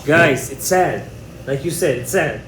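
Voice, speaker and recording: A man teaching a Torah class to a live audience in an animated, emphatic way, mixing in many Hebrew terms. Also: a little high, a little slow, slight background noise. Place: indoor room with a live audience. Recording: echoey room with faint ambience.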